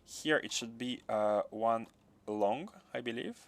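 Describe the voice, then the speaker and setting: Building in a game on a livestream, a Russian man mutters to himself and responds to chat in relaxed commentary. His accent is Russian with some French, and his medium-pitched voice moves at a slow pace.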